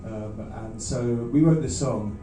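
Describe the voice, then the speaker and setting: A man's voice: mid-range voice, dark tone, faint music behind. A man tells stories from the stage between songs, restarting sentences and laughing at himself. His voice is heard from a distance in a roomy club, with instruments around him. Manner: self-deprecating, halting, many restarts and laughs. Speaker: singer-songwriter performing live. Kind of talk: rambling between-song stage banter. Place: small live music venue. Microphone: stage vocal mic. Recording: roomy, distant audience recording.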